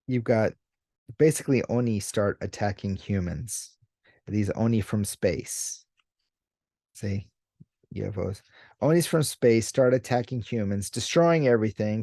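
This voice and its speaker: A man talks through comics in a laid-back commentary, taking his time with plenty of ums and you-knows. His voice is low and mellow. The sound is dry and close, with no room around it. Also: dry recording. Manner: relaxed and unhurried, with many fillers, acting out characters' lines in a raised voice. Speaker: YouTube host discussing manga. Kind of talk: casual commentary.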